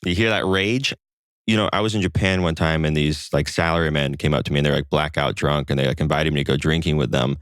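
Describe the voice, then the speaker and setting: A man talking casually as a podcast guest, telling relaxed stories with lots of fillers. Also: a bass voice, quick pace, smooth, no echo, clean studio sound. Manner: relaxed storyteller with frequent fillers. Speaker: podcast guest, co-founder of a satire site. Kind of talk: casual conversation.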